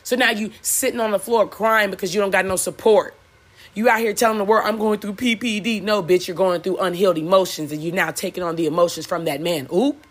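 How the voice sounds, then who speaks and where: Brisk and fairly even in intonation, this woman has a mid-range voice. She's a spiritual motivator whose preachy talk is blunt and full of swearing, with lines repeated for emphasis and laughter at her own jokes.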